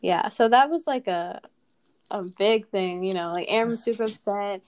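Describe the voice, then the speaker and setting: A young woman guesting on a casual podcast, chiming in with her side of a story. She speaks in a middle pitch, chatty and quick, with playful quoted lines. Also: clean tone.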